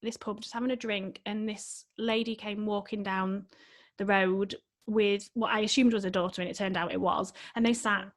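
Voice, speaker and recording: A woman's voice: mid-range voice, steady tone, moderate pace. A married woman who works as a life coach, talking earnestly and emotionally as a podcast guest, often restarting her sentences. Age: adult, married with children. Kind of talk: casual podcast conversation.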